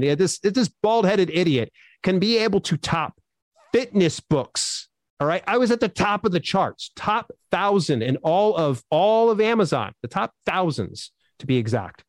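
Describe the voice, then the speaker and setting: A man's voice: a little high, no echo. Upbeat man telling stories, dry sound. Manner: upbeat, animated storytelling with acted-out quotes. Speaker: self-publishing expert guest. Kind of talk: casual interview answers.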